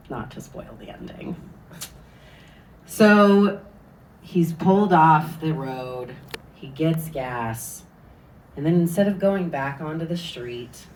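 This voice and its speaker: A woman telling a profane stand-up story, deadpan, with sudden drops to hushed asides. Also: rumbling low. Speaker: stand-up comedian. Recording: distant room sound with audible noise.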